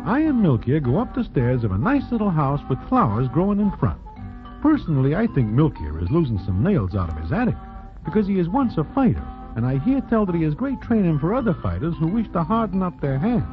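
An actor playing a wry, street-smart Broadway gambler, narrating in a dry, deadpan way in 1940s radio drama. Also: male voice, fairly high pitch, fairly quick. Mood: dry narration. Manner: dry, deadpan, present-tense storyteller. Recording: tinny old radio recording with music.

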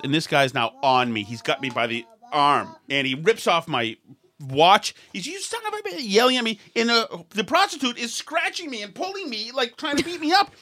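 A middle-aged man telling a rambling, self-mocking story in a casual chat, often restarting and acting out angry shouts. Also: on the high side. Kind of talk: casual anecdote.

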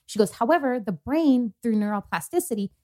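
A woman's voice: fairly high pitch, lively intonation, brisk, darkish tone. A young adult woman co-hosting a podcast, telling a personal story in casual chat, quoting others with lots of fillers. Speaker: podcast co-host.

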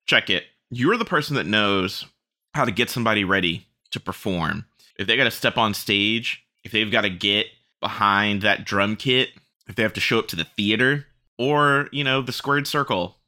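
A man in podcast banter, hyping up a friend with eager shout-outs. His voice is fairly low but sharply bright and forceful. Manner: hyped, enthusiastic shout-outs. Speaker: podcast co-host. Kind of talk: casual podcast chat.

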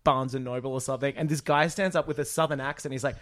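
A man co-hosting a podcast, in casual chat, retelling a film in an animated, exasperated way with rambling asides. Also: fairly high pitch, quick pace. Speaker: podcast co-host.

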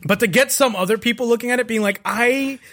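A man's voice: extremely high pitch, very fast, a bit bright. A man co-hosting a casual chat about anime, laughing often, swearing freely and retelling scenes in quoted voices.

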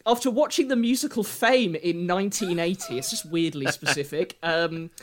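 A man's voice: high-pitched, normal speed, a little hiss or hum. A man co-hosting a podcast in casual chat, reading from a script with dry jokes. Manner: dry, joking, reads from a script. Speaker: podcast co-host.

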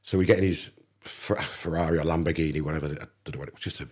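English male guest, low and husky, chatty anecdote teller voicing the other people. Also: quick pace. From England. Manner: animated anecdote teller, acts out dialogue. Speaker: podcast guest. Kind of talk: casual storytelling.

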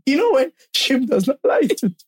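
A woman's voice: high-pitched, moderate pace, husky, no echo. A woman co-hosting a podcast, talking animatedly and joking in casual chat. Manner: animated, exclaims and jokes. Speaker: podcast co-host.

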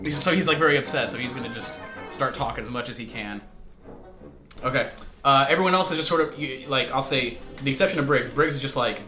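A man narrating as game master of a tabletop game, quick and animated, often laughing. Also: medium pitch, echoey room, faint music behind.

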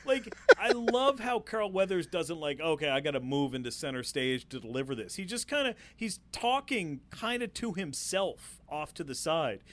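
A man's voice: a little high, normal speed, hardly any pauses. A man chats enthusiastically about a film, swearing freely. His voice swings widely up and down as he tells scenes. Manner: enthusiastic, profane, animated storytelling. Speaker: podcast co-host. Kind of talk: casual film chat.

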